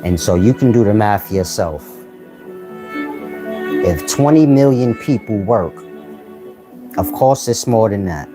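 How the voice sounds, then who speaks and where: A man's voice: fairly low pitch, lively intonation, slow pace, long pauses, over music. A man giving a casual philosophical monologue to his viewers, blunt and full of street slang, firing rhetorical questions. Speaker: channel host giving life advice.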